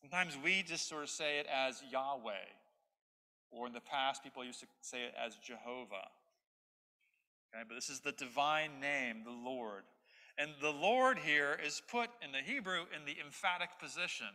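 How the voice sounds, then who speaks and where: A man's voice: mid-range voice, normal speed, bright, forceful tone. A man preaching an expository sermon as pastor, stressing his points through repetition. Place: church sanctuary. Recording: long hall reverb.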